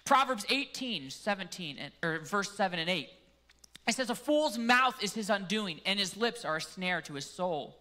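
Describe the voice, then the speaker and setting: Male pastor with a Canadian accent, bright and forceful, relaxed and jokey in the pulpit. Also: high voice, moderate pace. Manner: casual, joking asides. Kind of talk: sermon.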